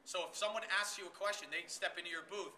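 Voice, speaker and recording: Bright high-voiced man coaching a room. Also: quick pace, slight background noise. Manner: energetic, demonstrative, addresses the room directly. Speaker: trade show sales trainer. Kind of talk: live workshop coaching. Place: room with a live audience.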